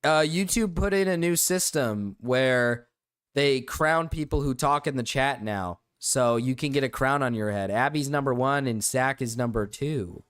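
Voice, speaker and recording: A man's voice: medium pitch, unhurried, a bit bright, clear, resonant tone, no echo, studio quality. A man streaming live, chatting loosely with his viewers, joking and swearing casually as he reads the chat.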